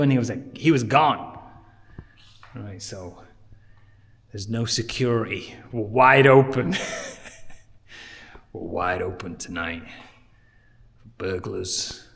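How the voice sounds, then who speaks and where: A man's voice: mid-range voice, normal speed, long pauses, breathy edge. Jokey man vlogging by a night pool. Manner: animated, jokey, drops to hushed tones. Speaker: travel vlogger. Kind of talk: casual vlog storytelling. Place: villa pool area at night.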